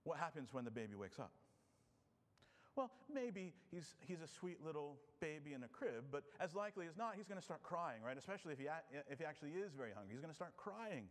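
Preacher in a reverberant hall. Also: male voice, on the high side, animated, fast talker, hardly any pauses. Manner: earnest, rhetorical, drops soft for emphasis. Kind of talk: expository sermon.

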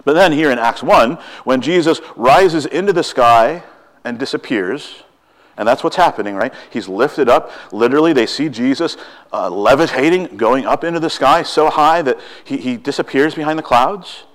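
Male preacher with a mid-range voice, quick and animated, full of rhetorical questions. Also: mid-range voice. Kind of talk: sermon.

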